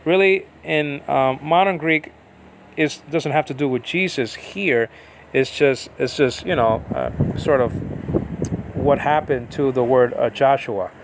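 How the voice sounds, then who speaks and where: A man with a somewhat high, gravelly voice leads an informal Bible lesson. He talks slowly and haltingly, filling gaps with "uh" and "okay" as he works through ancient words. A faint hum sits behind him. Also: lively intonation. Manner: halting, many fillers, sounding out Hebrew and Greek words. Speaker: Bible teacher. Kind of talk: informal scripture study.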